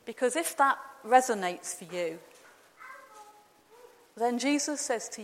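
A woman giving a measured, gentle, reflective sermon in a church. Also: fairly high pitch, expressive, slight background noise. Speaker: preacher. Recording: long reverb of a large hall.

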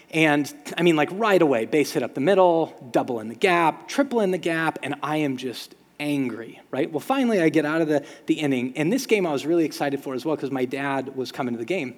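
A middle-aged male pastor preaching with animated storytelling and shouted sound effects. His voice sits a little higher than most men's. A long reverb trails each phrase, as in a large church hall. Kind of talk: sermon.

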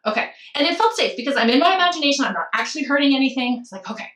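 A woman's voice: high-pitched, expressive, very fast, a bit bright, recorded from a distance. Candid woman in a roomy echo. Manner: candid, reflective, tearful at times. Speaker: guest sharing a personal story. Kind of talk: emotional personal storytelling.

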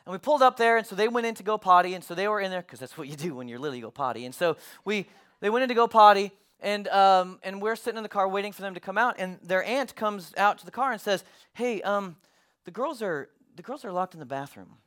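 A man preaching with a voice pitched well above the usual male range. He tells his story in an animated, emphatic way, building toward his sermon point. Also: quick pace, smooth. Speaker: pastor.

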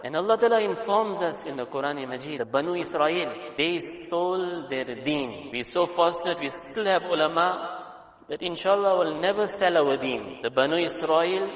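An earnest male preacher delivers a sermon with emphatic swings between hushed lines and loud ones. His voice sits a little high for a man. The sound rings through a large hall with a long, roomy reverb. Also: animated, normal speed. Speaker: Islamic preacher.

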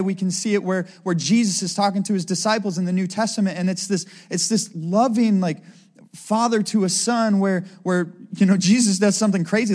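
High-voiced man preaching conversationally. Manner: conversational preaching, asks the crowd "right?" often. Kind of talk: sermon.

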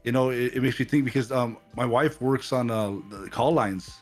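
A man's voice: medium pitch, moderate pace, faint music behind. A man who is a pastor, speaking earnestly in a casual faith conversation and often repeating words as he gathers his thoughts.

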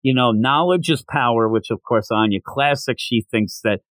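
A man's voice: mid-range voice, moderate pace, dry recording, poor audio. A man hosting a podcast, chatting casually as he retells a manga chapter and quotes its characters. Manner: animated retelling with quoted lines. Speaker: podcast host. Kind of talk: casual manga recap chat.

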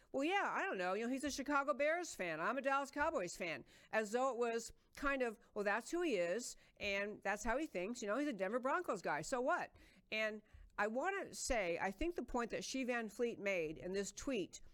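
A woman's voice: medium pitch, fairly bright tone. Emphatic woman hosting political talk. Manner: earnest, emphatic, with many fillers and restarts. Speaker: talk show host. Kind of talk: political commentary monologue.

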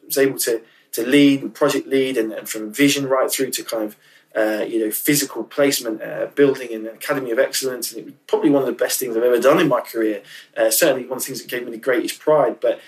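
A man's voice: medium pitch, distant mic, rough recording. Candid, emotional man, a little off-mic. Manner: candid, emotional, many restarts and repeated words. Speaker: podcast guest. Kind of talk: casual interview chat.

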